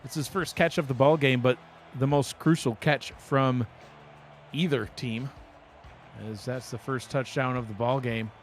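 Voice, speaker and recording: A man doing sports play-by-play commentary, brisk and full of stats. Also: medium pitch, fairly even intonation. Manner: brisk, stat-heavy play-by-play. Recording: music bed behind the voice. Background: background music.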